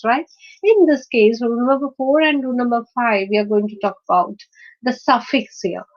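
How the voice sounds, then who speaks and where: A woman's voice: on the high side, a little mellow. Hesitant woman teaching phonetics. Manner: hesitant, many fillers and self-corrections; spells out and slowly stresses example words. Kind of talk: phonetics lecture. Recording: slightly dull lo-fi sound.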